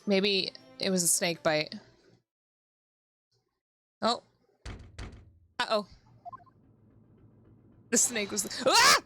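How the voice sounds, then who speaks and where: A woman's voice: medium pitch, big pitch swings, drawn-out words, pauses often, pushed and bright, faint music behind. Giggly woman streaming a game. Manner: giggly, reads game lines with playful voices. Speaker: VTuber streamer. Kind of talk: casual game-stream chat, reading dialogue aloud.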